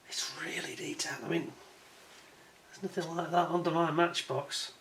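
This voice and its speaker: A man's voice: fairly high pitch, fairly even intonation, normal speed, fairly bright tone, a little hiss or hum. Chatty man reviewing a model kit. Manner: chatty and admiring, with wry self-mocking asides. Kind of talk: casual hands-on product review.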